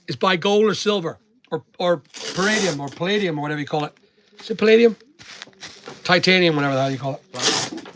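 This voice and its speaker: A man's voice: high-pitched, a bit bright, slight background noise. A middle-aged man with a Northern Irish accent chatting casually on a livestream, giving blunt, preachy money advice and answering comments. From Northern Ireland. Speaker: online seller and livestream host.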